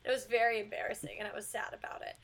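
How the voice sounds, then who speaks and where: A young woman co-hosting a casual podcast, telling stories with loud laughs and free swearing. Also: medium pitch, racing, vocal fry. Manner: animated storyteller, swears freely, laughs loudly. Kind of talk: casual chat.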